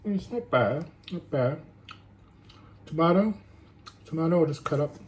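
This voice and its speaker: A man chatting casually while cooking in his home kitchen, rambling and thinking out loud. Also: on the high side, expressive, normal speed. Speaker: home cook vlogger. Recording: noisy home recording.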